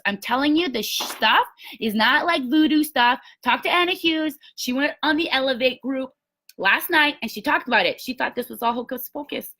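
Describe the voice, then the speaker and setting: A woman's voice: fairly high pitch, sharp tone, a little hiss or hum. A woman giving an emphatic, blunt motivational talk to a sales team, with some mild swearing. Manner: emphatic, blunt, mildly profane pep talk.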